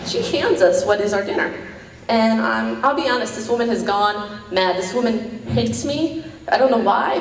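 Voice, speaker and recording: A woman's voice: mid-range voice, a little hiss or hum. A woman doing a stand-up set in an ordinary mid-range voice, rambling through a story with frequent "um"s and chuckles at her own jokes. She is caught from a distance, in a roomy, echoing space. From New York. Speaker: stand-up comic.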